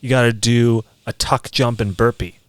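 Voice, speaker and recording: A man's voice: mid-range voice, moderate pace, clean tone, dry recording. Laid-back man telling gym stories. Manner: animated storyteller, laughs often. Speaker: podcast guest, gym member. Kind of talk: casual podcast chat.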